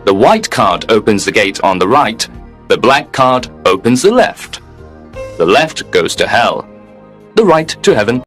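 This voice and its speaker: A man's voice: lowish voice, big pitch swings, a little slow, a bit bright, soft background music. A man playing a polite, unbending receptionist at heaven's gate, speaking formally and with detachment. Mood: calm.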